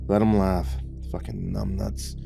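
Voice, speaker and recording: A man's voice: on the low side, moderate pace, music in the background, close to an everyday voice. A man voicing a bitter, defiant young lieutenant who mutters with contempt. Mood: muttering.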